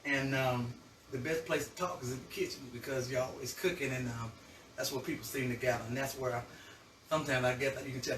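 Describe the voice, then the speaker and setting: A man hosting a live cooking show, chatting warmly to viewers and savoring his food aloud in a kitchen. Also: medium pitch, echoey room, far from the mic, a little hiss or hum, poor audio. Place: home kitchen.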